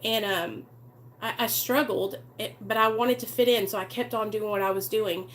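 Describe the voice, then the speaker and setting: A woman's voice: mid-range voice, steady tone, normal speed, a little hiss or hum. A woman hosting a live recovery stream, talking earnestly and chattily to her viewers and greeting them by name. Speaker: recovery channel host. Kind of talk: casual live-stream talk.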